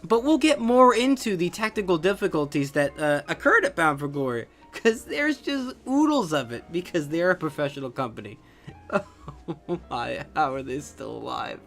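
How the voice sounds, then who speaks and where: A man runs a solo podcast, talking casually in a scornful, cursing rant that is full of filler sounds. His voice sits a little higher than most men's, and faint music plays quietly behind him. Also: moderate pace, vocal fry. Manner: profane, scornful ranting with frequent fillers. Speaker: wrestling podcast host.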